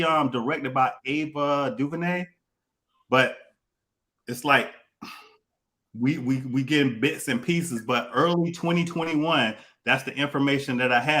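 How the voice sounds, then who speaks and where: A man's voice: medium pitch, a bit bright. A man hosting a casual comic book podcast, talking loosely and repeating himself as he explains. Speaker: podcast host.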